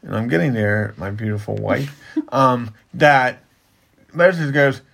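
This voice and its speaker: Slow gravelly man teaching. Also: medium pitch, fairly bright tone. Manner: halting, repeats himself while building to a point. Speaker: Bible teacher and podcast co-host. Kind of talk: casual Bible teaching chat.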